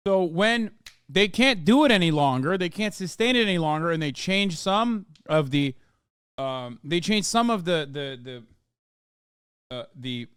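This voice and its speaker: A man's voice: fairly high pitch, animated, a little slow, fairly bright tone, clear, resonant tone, no room sound, studio quality. A man streaming, reacting to videos with blunt, profane casual commentary and mocking asides to his chat.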